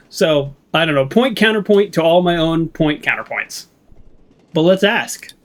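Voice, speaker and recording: Playing and narrating a game, this West Coast American man speaks slowly in an expressive, somewhat high voice. He's a chatty let's play streamer who meanders, leaning on fillers and laughing frequently.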